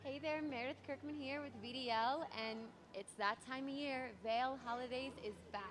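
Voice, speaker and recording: A woman's voice: sits high, steady tone, normal speed, a bit bright, a little hiss or hum. A woman reporter running an interview on location, bubbly and enthusiastic.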